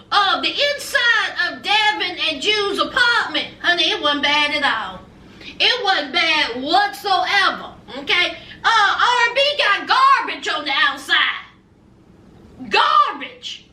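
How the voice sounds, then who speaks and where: A sassy woman with a drawl chats through her review, her very high, bright voice swooping up and down as she takes her time. She calls her viewers honey and y'all. The sound is roomy and slightly off-mic. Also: far from the mic. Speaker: reality TV reviewer. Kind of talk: casual vlog review. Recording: roomy echo, a bit off-mic.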